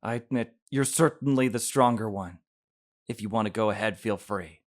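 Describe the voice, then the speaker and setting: A man's voice: fairly low pitch, normal speed, lightly acted. A man reading a visual novel aloud, voicing a big, clumsy, hot-tempered male bear who blusters and then turns sheepish.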